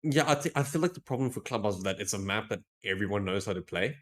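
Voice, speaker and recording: Male esports caster, lowish voice, chatty and playful, a bit tired, stumbles and restarts sentences. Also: expressive, quick pace. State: tired, yawning. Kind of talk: live esports commentary.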